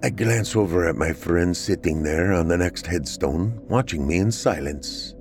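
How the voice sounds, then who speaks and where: A man narrating a dramatic story in the first person, with expressive, emotional delivery. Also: low voice, normal speed, soft background music.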